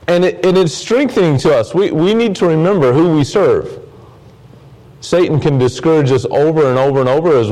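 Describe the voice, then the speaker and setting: A man's voice: mid-range voice, mellow, low-quality recording. A man preaching a sermon as pastor, earnest, often repeating words and phrases for emphasis.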